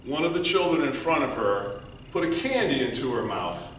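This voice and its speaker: A man giving a prepared storytelling speech at a speech contest, earnest, moving between loud emphasis and quiet, hushed passages. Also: mid-range voice, sing-song, normal speed. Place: meeting room before an audience. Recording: echoey room, mic from far off, faint noise.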